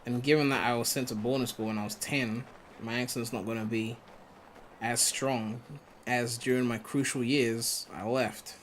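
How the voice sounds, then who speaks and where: A man's voice: mid-range voice, fairly even intonation, normal speed, slight background noise. Young british guy w a mixed west african accent, chill and sweary, rambly game stream chat, mid voice. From United Kingdom. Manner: laid-back, swears freely, rambling asides. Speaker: gaming streamer. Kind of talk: casual live-stream commentary.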